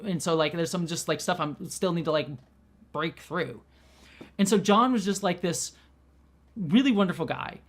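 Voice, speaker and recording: Speaking at a normal speed with frequent pauses, this young woman host and director has a lowish voice. Her casual commentary rambles, full of fillers like "like" and repeated restarts.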